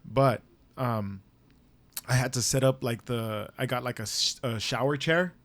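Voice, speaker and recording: A man's voice: medium pitch, unhurried. A young man co-hosting a casual podcast, telling stories animatedly and cursing often. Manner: profane, animated storytelling with acted quotes. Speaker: podcast co-host.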